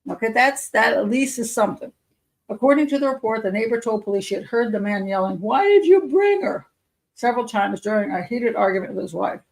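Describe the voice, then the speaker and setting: A woman's voice: a little high, steady tone, fast, vocal fry, low-quality recording. A woman hosting a live show as a criminal profiler, reading news aloud with skeptical, muttered asides and self-corrections.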